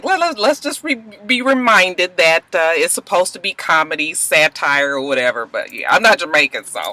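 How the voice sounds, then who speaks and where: A woman from Georgia, chatting casually and animatedly through a TV show review, swearing and laughing as she goes. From Georgia, USA. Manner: animated, swearing, laughing asides, big pitch jumps.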